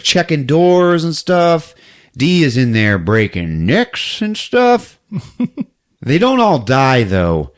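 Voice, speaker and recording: Man with a lively, bouncing voice. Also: medium pitch. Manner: animated, laughs often while telling. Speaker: podcast host. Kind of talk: casual movie recap.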